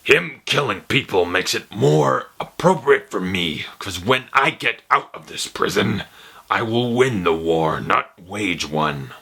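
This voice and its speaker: A man doing an impression of a menacing, calm male crime boss, speaking slowly and deliberately in a deepened voice. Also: creaky, slightly rough, full character voice. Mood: smug. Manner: slow, measured and deep.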